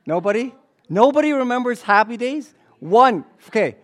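A pastor preaching a sermon to his congregation, animated and joking with the audience. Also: very high-pitched, moderate pace.

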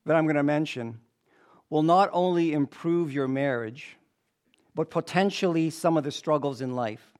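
A man with a high voice preaches a lively sermon. He talks in an animated way and banters with the congregation between points. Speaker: pastor.

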